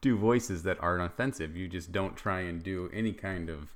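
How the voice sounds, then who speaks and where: A man from the United States co-hosting a casual chat, blunt and animated, sometimes jumping into high exclamations. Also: normal speed. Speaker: podcast co-host.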